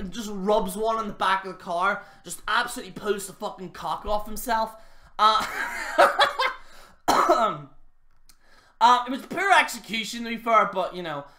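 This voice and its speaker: Bright-voiced swearing male reviewer. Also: high-pitched, lively intonation, unhurried. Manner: swears freely, rambling and mocking. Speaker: wrestling show reviewer. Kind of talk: casual profane review rant.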